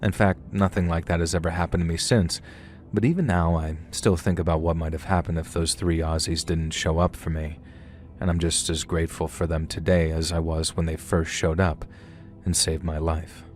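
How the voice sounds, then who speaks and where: Male channel narrator with a low voice, casual and slangy; first-person storytelling. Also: little pitch movement, normal speed, a little mellow, faint music behind.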